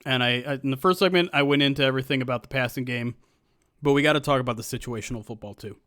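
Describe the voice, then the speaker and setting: A man co-hosting a sports podcast, ranting with rising anger about play calls, animated and exasperated. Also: mid-range voice, racing, clean tone, no echo, clean studio sound. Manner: animated, builds from disappointed to openly angry. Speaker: podcast co-host. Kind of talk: casual sports podcast rant.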